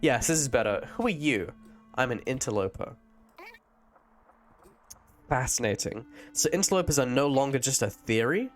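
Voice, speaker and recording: A man voicing an ancient disembodied echo spirit in an improvised live-stream role-play, speaking in slow, formal, archaic phrasing. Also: medium pitch, animated, natural voice. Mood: wary.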